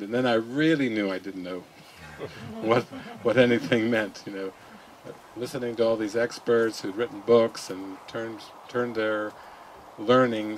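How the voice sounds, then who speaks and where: Relaxed musing man giving a spiritual talk. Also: mid-range voice, slight background noise, poor audio. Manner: relaxed, musing, laughs often. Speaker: spiritual teacher.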